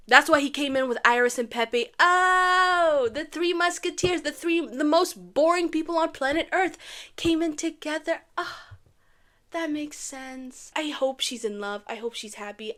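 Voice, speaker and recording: A young woman from Canada recapping a reality dating show in a casual, animated way, gushing and repeating lines for effect. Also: on the high side.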